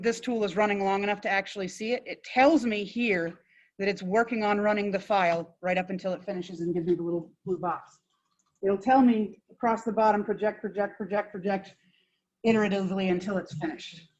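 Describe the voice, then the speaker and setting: A woman instructor talks students through a software demo in a plain, mid-range voice. She is blunt and informal, tossing off candid asides as she goes. The recording sounds slightly muffled. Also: medium pitch, steady tone, brisk. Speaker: GIS instructor. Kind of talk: classroom software demonstration.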